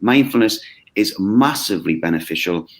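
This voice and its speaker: A man who runs a mindfulness course talks in a lively, conversational way, acting out quoted voices and checking in with "okay?". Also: lowish voice, moderate pace. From United Kingdom. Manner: animated, acts out quoted voices, frequent "okay?". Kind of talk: conversational explanation. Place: video call.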